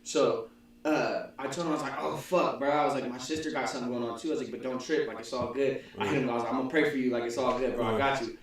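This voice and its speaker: A man's voice: medium pitch, fairly even intonation, fast talker. A man hosting a podcast, telling stories casually with lots of swearing and laughter. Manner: storytelling with profanity and laughter. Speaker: podcast host. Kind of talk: casual chat. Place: room with several people. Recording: echoey room, distant mic, talk behind.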